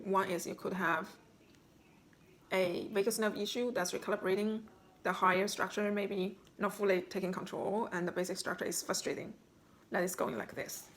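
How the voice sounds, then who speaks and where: A woman as a spiritual healing coach, calmly guiding listeners through self-reflection with instructive questions. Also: mid-range voice, a little hiss or hum. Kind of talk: guided self-reflection talk.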